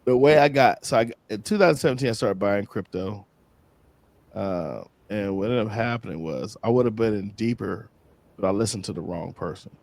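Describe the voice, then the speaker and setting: A man being interviewed, telling casual stories in a slangy, animated way and acting out other people's lines. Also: fairly low pitch, normal speed, creaky, no echo. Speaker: interview guest. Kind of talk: casual storytelling.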